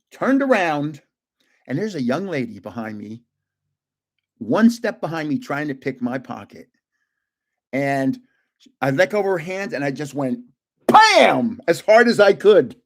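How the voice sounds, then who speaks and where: Older male host, lively rambling storyteller, slightly high voice. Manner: rambling, animated storyteller with bursts of emphasis. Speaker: livestream host. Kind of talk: casual storytelling.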